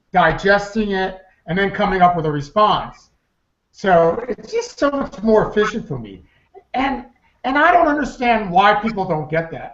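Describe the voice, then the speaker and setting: A man co-hosting a podcast in casual chat, blunt and animated, swearing and acting out quotes. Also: high voice. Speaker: podcast co-host. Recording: echoey lo-fi room, background noise.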